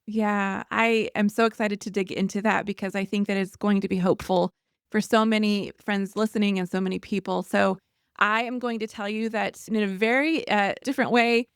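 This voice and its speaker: Enthusiastic woman podcast host, gravelly texture, dry close mic. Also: mid-range voice, fairly even intonation, normal speed, dry recording. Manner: warm, enthusiastic and chatty. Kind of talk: faith-based podcast interview.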